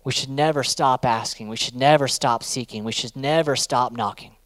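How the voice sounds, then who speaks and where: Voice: mid-range voice, normal speed, no echo. A youth pastor giving a casual sermon, urging listeners on in rhythmic, repeated phrases.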